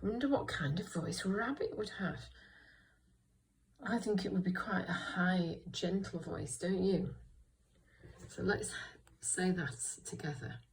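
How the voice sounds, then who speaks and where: Woman, primary teacher type, low-ish voice, slow clear encouraging delivery for small kids. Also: poor audio. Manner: slow, clear and encouraging, with many questions to the listener. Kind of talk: reading lesson for young children.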